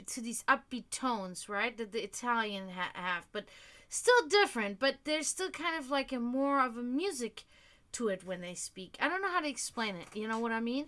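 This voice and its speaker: Bright, chatty woman streamer from Germany. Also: on the high side. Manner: chatty and rambling, with frequent restarts. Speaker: livestream host. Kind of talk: casual chat.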